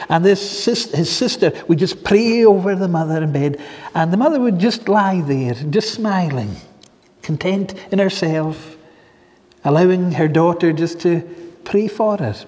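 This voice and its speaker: An earnest male preacher with a fairly high, mellow voice. He speaks slowly, dwelling on key phrases as he tells his story. The sound carries a long reverb through a church hall. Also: lively intonation. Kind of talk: sermon.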